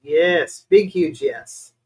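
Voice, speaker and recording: A woman's voice: lowish voice, expressive, extremely slow, breathy edge, rough recording. Rambling woman doing a live spiritual reading. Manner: rambling and hesitant, with many fillers; apologetic, chatty address to viewers. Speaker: spiritual reader hosting a live stream. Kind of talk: live-stream reading answering chat questions.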